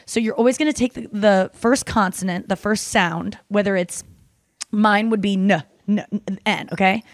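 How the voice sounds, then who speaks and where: A woman hosting a casual chat podcast. She rambles through her stories with lots of "like" and "um" and casual swearing. Her voice sits at a middling pitch and sounds dry and close, with no room echo. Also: normal speed. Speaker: podcast host. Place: hotel room.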